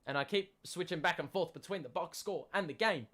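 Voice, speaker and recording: Young male streamer, slightly higher pitch, chatty and self-deprecating, erupts on big plays. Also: a little fast. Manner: excitable, gets loud calling big plays. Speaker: streamer hosting a basketball watchalong. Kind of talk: live casual commentary, reading chat.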